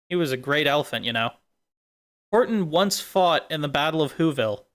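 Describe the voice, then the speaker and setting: A streamer in casual chat, rambling off into silly tangents. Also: mid-range voice.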